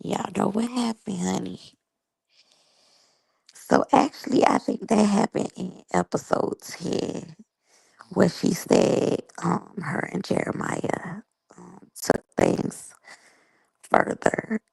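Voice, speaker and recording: Thirties woman, vlog reviewer, chatty, slow-paced and husky; addresses viewers directly. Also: medium pitch, a little mellow, no echo, low-quality recording. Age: 30s. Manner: chatty, talks straight to the audience. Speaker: reality show reviewer. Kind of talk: casual commentary to viewers.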